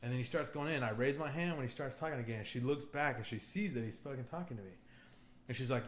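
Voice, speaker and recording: A young man hosting a podcast, telling a story in a casual, profane, animated way and laughing often. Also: mid-range voice, fast talker, reverberant. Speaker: podcast host.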